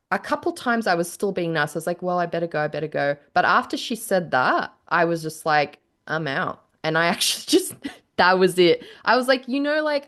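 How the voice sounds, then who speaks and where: A woman with a notably low voice tells a personal story on a podcast. She talks candidly and casually, fills her sentences with "like," and slips into the voices of the people she describes. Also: fairly bright tone. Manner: candid storytelling, heavy on "like", acts out quotes. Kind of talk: casual chat.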